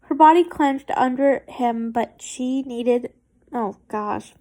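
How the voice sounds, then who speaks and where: A late-teen young woman reads fanfiction aloud at a slow, halting pace, her voice sitting fairly high. She stumbles, restarts and breaks into embarrassed, giggly asides. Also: mellow. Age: late teens. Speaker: fanfiction reader. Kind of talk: amateur reading of fanfiction aloud.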